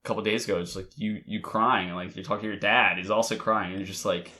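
Bright-voiced man telling an emotional sports story. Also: on the low side, steady tone, fast talker. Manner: emotional, rambling storytelling with many restarts. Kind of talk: casual chat.

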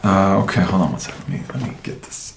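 A man's voice: deep voice, quick pace, gravelly, reverberant, noisy background. A man who is a guest on a casual podcast, playful and hesitant, often laughing. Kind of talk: casual chat.

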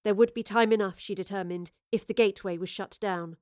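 A woman reading a dramatic story aloud in measured scripted narration. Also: mid-range voice, steady tone, a little mellow, no echo, clean studio sound. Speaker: audiobook reader.

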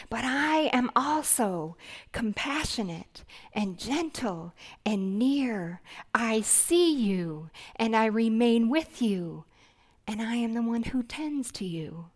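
A woman voicing God as he speaks to a weary prophet, solemn and emphatic, then hushed and gentle. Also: high voice, voice pushed up, heavily acted.

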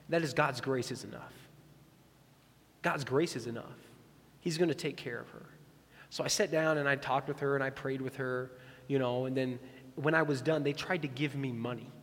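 Male pastor, high voice, animated sermon delivery, repeats key lines, long reverb.

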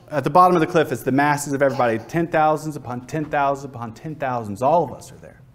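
Guy preaching a sermon, paints big pictures, acts stuff out. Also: mid-range voice. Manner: vivid storytelling, acts out scenes.

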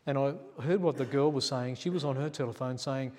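A man's voice: mid-range voice, brisk, few pauses, a little mellow, slight background noise. A male pastor, telling a story in a sermon and acting out the quotes in a chatty way. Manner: chatty, acts out quotes, laughs at himself. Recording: long church reverb.

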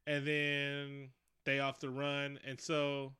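A man casually recapping a movie with a co-host, talking in an animated, profane, jokey way. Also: mid-range voice, slow, smooth. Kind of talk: casual chat.

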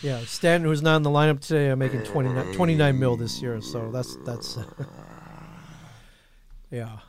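A man co-hosting a casual sports talk show, calm and dry, reading out stats and chuckling often. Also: medium pitch, normal speed. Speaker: co-host.

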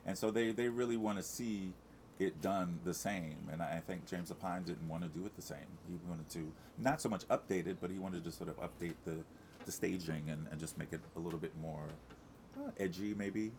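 A man's voice: sits low, fairly quick, a little mellow, slight background noise. A middle-aged man, a stage actor, chatting in an interview, rambling with lots of restarts and fillers. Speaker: Broadway actor, guest. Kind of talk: casual interview chat.

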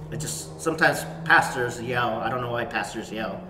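A man pastor preaching a sermon to a camera, swinging from hushed whispers to sudden shouts. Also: mid-range voice. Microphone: facing a camera. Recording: echoey hall, faint room noise.

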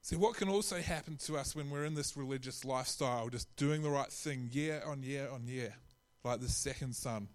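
A man's voice: mid-range voice, normal speed, few pauses. A man preaching a sermon in a conversational way, often restarting his phrases and acting out quotes.

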